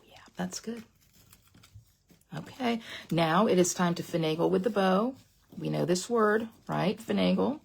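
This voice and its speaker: A woman's voice: on the low side, gravelly, a little hiss or hum. A middle-aged woman teaching a live card-making class by webcam, chatty and rambling, sometimes dropping to a whisper. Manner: chatty and rambling, drops to a whisper when excited. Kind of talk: live online crafting class. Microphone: webcam at a craft desk.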